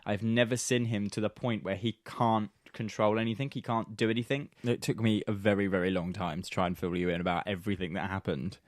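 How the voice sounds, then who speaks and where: A man's voice: on the low side, fairly even intonation, brisk, few pauses, no echo, studio quality. A man co-hosting a podcast, recounting a long story in casual chat with some exasperation. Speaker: podcast co-host.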